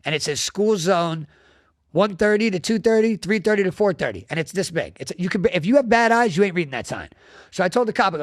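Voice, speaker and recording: Fast-talking, foul-mouthed man telling stories. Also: high-pitched, no echo, studio quality. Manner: animated, swearing, laughing often. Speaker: podcast co-host. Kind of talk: casual comedic storytelling.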